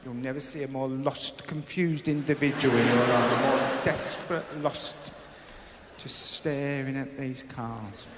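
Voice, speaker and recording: A man's voice: mid-range voice, steady tone, measured pace. A man doing a stand-up comedy routine on stage, acting out his own panic as he tells a story. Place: live comedy stage in a big hall. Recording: live hall recording with loud crowd noise.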